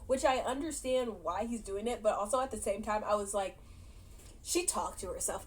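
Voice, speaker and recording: A woman's voice: mid-range voice, normal speed. A woman casually retelling a movie's plot to her viewers, chatty and laughing as she goes. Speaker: movie reaction vlogger.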